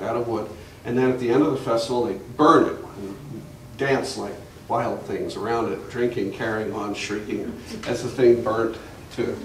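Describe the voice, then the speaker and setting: An older man telling rambling family anecdotes to an audience at a museum talk, often restarting his sentences. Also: on the low side. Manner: rambling storyteller with frequent restarts and fillers. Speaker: guest speaker at a museum talk. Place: museum gallery, recorded from the audience. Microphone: distant camera mic. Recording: echoey room from far off, faint hiss.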